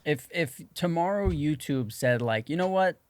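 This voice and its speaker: A man's voice: fairly high pitch, animated, normal speed. A man co-hosting a podcast in casual chat, asking a guest questions and answering with short agreeing replies. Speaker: podcast co-host.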